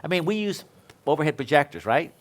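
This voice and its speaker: A man's voice: a little high, big pitch swings, fast talker. A middle-aged man, an electrical instructor, telling an anecdote to a class and acting out both sides of the conversation. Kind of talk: storytelling anecdote in a lecture.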